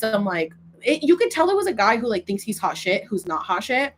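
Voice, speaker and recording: A woman's voice: fairly high pitch, expressive, fast, a little hiss or hum. A woman on social media telling a story in a casual vlog, rambling with lots of filler words and reading oracle cards aloud. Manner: rambling, filler-heavy retelling.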